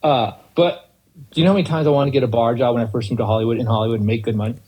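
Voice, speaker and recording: A man's voice: medium pitch, steady tone, rapid-fire, a little mellow, poor audio. A man guesting on a podcast, chatting casually and ranting animatedly with acted-out quotes. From California. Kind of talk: casual chat.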